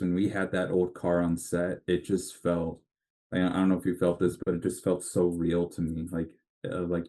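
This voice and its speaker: A man co-hosting a casual podcast chat, telling animated stories and laughing at them. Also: low voice. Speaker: podcast co-host.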